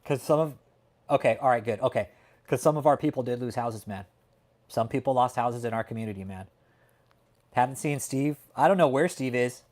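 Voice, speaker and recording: A man's voice: medium pitch, a little fast, darkish tone. A man from California hosting a casual livestream chat, talking in a heated, profane, emphatic way and often tacking on "man". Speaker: livestream host. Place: home in Texas.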